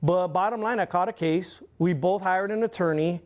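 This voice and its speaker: Appearing as an interview guest, this middle-aged man tells a drawn-out story full of swearing, tangents, and animated reenactments. He speaks in a high register at a moderate pace.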